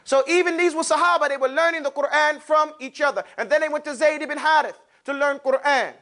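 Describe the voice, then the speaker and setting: A man with a high, bright voice leads a classroom lesson on pronouncing letters. He talks to his students in an animated way and exaggerates each sound so the room can copy it. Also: brisk. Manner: animated, demonstrates sounds with exaggerated mouth shapes. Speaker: Arabic pronunciation teacher.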